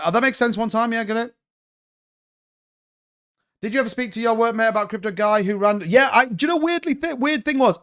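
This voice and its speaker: A young man hosting a crypto stream, chatting casually and rambling with frequent restarts. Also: high voice. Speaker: crypto channel host. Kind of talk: casual livestream chat.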